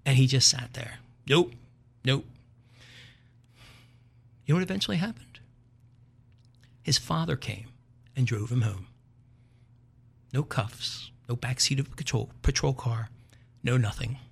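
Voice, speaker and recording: An older man hosting a show, telling a comic story in a wry, animated way and chuckling at his own tale. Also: medium pitch, unhurried, creaky, long pauses, breathy edge. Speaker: podcast host.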